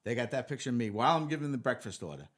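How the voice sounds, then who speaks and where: An older man, a retired police lieutenant telling animated stories as an interview guest and acting out the dialogue. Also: mid-range voice, rapid-fire. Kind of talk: casual storytelling interview.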